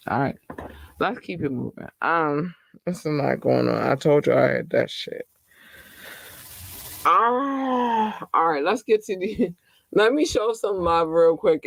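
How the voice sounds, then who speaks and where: Slow, gravelly-voiced woman podcast host. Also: sits low, darkish tone, no echo, low-quality recording. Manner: loose, affectionate, slangy, swears freely. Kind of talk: casual solo podcast chat.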